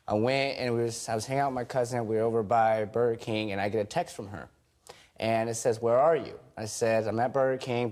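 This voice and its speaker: A man's voice: mid-range voice, a little mellow. A man giving testimony in a TV courtroom, retelling a fight at length and acting out the lines he quotes. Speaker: husband in a TV court case.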